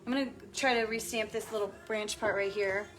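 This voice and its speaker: A woman's voice: medium pitch, fairly even intonation, a little fast, a bit bright, faint music behind. A woman in her thirties hosting a casual crafting tutorial, chatting to viewers as she works. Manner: chatty, talks to viewers and her child while working. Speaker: craft video host.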